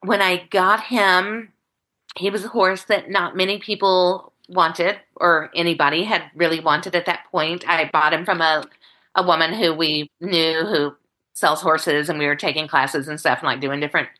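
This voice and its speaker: A woman telling a personal story in an interview, candid and halting, choked up and close to tears, speaking over a video call. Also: on the low side, fairly even intonation, pushed and bright. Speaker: guest.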